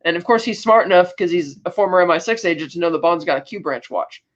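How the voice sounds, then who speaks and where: This podcast co-host speaks quickly and animatedly at a medium pitch. Through dull lo-fi sound, they run through a film's scenes in a casual recap, tossing in loose asides and performing snippets of dialogue.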